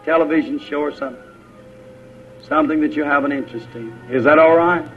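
A man preaching a sermon, folksy and plain-spoken, his voice climbing higher when he exhorts. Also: fast, faint music behind. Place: church. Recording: lo-fi muffled old church recording.

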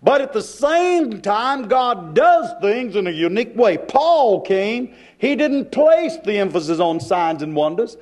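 A male preacher delivering a sermon in a church, with dramatic pauses and shifts in pace. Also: high-pitched, big pitch swings, a little mellow.

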